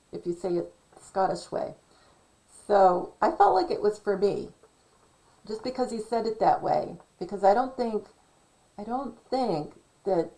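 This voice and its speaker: A woman talks to her camera in a loose, meandering vlog style at an ordinary middle pitch. She thinks aloud, spells out words letter by letter and circles back on herself. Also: gravelly, a little mellow, rough recording. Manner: many fillers and restarts, musing. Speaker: channel host. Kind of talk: casual vlog commentary.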